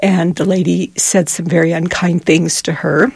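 A middle-aged woman speaks earnestly and with feeling about her volunteer work. Her voice is gravelly and a little husky. The sound is dry and close. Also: lowish voice, fairly even intonation, moderate pace, darkish tone, no echo. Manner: earnest, emotional, faith-filled. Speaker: charity volunteer. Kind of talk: heartfelt interview storytelling.

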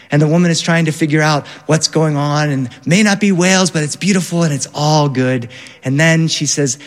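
Animated man telling a story in a hall. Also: medium pitch. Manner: animated, big swings between excited and hushed. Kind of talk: personal storytelling.

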